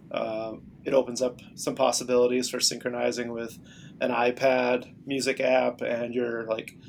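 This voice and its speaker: A man's voice: mid-range voice, creaky, darkish tone, a little hiss or hum. A man as a podcast guest, rambling casually with lots of fillers. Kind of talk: casual chat.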